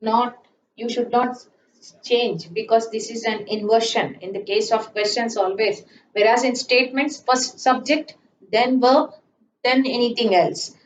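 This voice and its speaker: A woman teaching grammar from a chalkboard, slowly repeating her examples and checking in with "isn't it?". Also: on the high side, recorded from a distance, a little hiss or hum. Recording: echoey room, voice off-mic, slightly dull.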